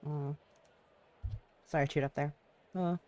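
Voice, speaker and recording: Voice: mid-range voice, fairly even intonation, a little slow, darkish tone, no echo. Teary streamer reading game dialogue aloud. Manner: emotional, tearful reactions and swearing outbursts.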